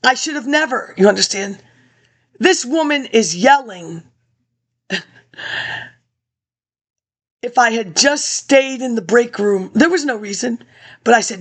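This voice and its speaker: A woman's voice: on the high side, expressive, a little slow, pauses often. A woman in her fifties, a vlogger rambling through a personal story and jumping between tangents as she talks straight to her viewers.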